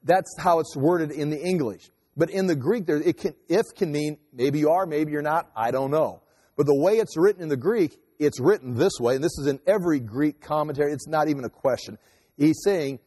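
A man preaching a sermon in a conversational, animated way with quick asides. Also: a little high, breathy edge. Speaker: pastor. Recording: long hall reverb.

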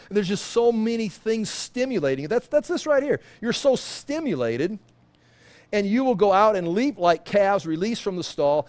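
A man's voice: high voice, expressive, normal speed, darkish tone. A man teaching from the Bible in an informal sermon, rambling and breaking off mid-sentence, with humorous asides. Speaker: preacher.

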